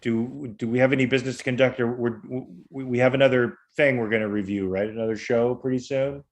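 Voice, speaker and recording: A man co-hosting a live podcast, chatting casually in a relaxed way and repeating words while he thinks. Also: mid-range voice, fast talker. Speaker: podcast co-host. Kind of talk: casual live-stream chat.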